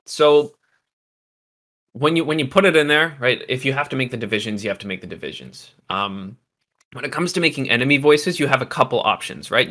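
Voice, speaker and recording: A man walks viewers through music software in a relaxed livestream lesson, his voice bright and forward. He drifts into fillers and side remarks to the chat, and he sounds slightly hoarse from losing his voice. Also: medium pitch. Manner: loose and chatty, many fillers and asides to chat. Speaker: music production teacher. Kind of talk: casual livestream tutorial.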